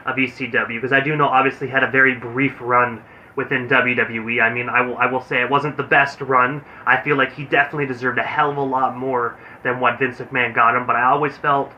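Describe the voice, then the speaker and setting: Fan-type guy hosting a radio show, really sharp tense voice, muffled lo-fi line w/ faint hiss. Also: medium pitch, level tone, brisk. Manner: chatty fan enthusiasm. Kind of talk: casual interview chat.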